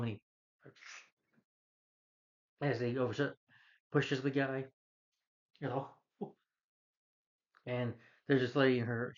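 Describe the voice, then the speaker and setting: A man giving a casual, rambling plot recap as a movie reviewer, with many restarts and "you know" fillers. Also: medium pitch. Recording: dull lo-fi recording.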